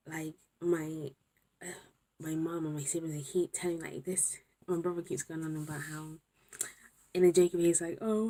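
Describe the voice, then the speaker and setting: A tired young woman vlogs to camera late at night, overwhelmed and swinging between whispers and exclamations. Her voice is low-pitched and mellow, with a breathy edge.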